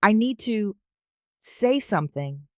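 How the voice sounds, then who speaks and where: A woman voicing a young man just woken from a coma who speaks in a strained, quiet, insistent way. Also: medium pitch, lively intonation, slow, no echo, clean studio sound. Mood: weak but insistent.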